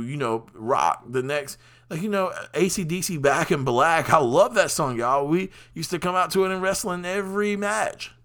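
Bright-voiced, talkative man. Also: a little high. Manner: talkative, rambling, frequent fillers. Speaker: podcast host. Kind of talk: personal monologue.

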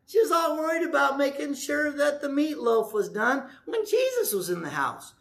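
A male pastor preaching a sermon in a lively, conversational way, with joking asides and scripture quotes acted out with big swings in loudness. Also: very high-pitched, moderate pace, creaky.

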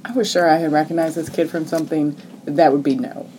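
A woman co-hosting a podcast, chatting in an animated, opinionated way with jokey asides. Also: deep voice, fast talker, slight background noise. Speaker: podcast co-host. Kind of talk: casual chat.

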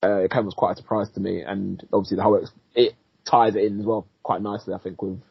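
A man co-hosting a podcast, giving blunt, quick opinions on films in casual chat. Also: on the low side, little pitch movement, creaky, breathy edge, dry recording. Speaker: podcast co-host. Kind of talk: casual film review chat. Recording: dull, slightly lo-fi dry sound.

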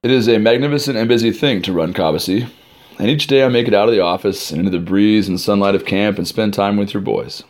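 A middle-aged man, a camp director, telling stories for an informal podcast in an animated way. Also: low-pitched. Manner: animated storyteller, acting out crowd shouts.

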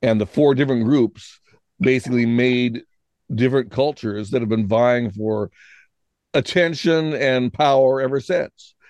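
A man's voice: mid-range voice, a little slow, a little mellow, dry recording. A man from Washington State co-hosting a casual political chat, lecturing in a musing way and often starting with "I mean". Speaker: podcast co-host.

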